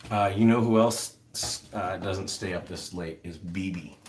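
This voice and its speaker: A man's voice: deep voice, unhurried, slight background noise. A man hosting a casual livestream, rambling with many fillers as he answers viewer comments. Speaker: livestream host.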